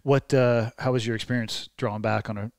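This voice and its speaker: A man hosting a casual chat, easygoing, with quick quips and frequent laughs. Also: medium pitch, fairly even intonation, darkish tone, no room sound, clean studio sound.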